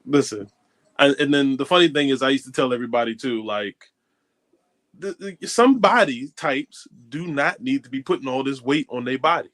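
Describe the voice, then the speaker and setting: A man's voice: medium pitch, lively intonation, normal speed, fairly bright tone. A man co-hosting casual sports talk, explaining his point earnestly. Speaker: co-host.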